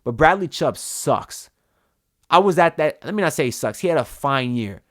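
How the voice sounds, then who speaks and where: A man's voice: a little high, lively intonation, normal speed, fairly bright tone. A young man venting in a ranting, frustrated way about his football team, often repeating words as he talks. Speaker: sports fan vlogger. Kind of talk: ranting sports vent.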